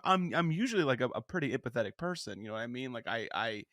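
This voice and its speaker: A man's voice: medium pitch, expressive, fast, hardly any pauses, a bit bright, no echo, studio quality. A middle-aged man co-hosting a podcast in casual chat, rambling with many restarts and fillers. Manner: rambling, self-interrupting, frequent "like" and restarts. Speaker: podcast co-host.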